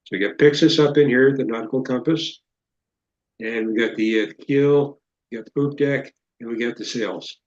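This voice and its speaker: A man's voice: mid-range voice, moderate pace. Man, casual slideshow talk, joking, echoey room, muffled audio. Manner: joking, rambling storyteller. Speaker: guest presenter.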